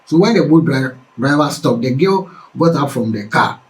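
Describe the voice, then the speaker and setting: Guy narrating the news story, chatty, repeats bits for drama, middle pitch voice. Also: expressive, moderate pace, rough recording. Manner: informal storytelling with asides and dramatic repetition.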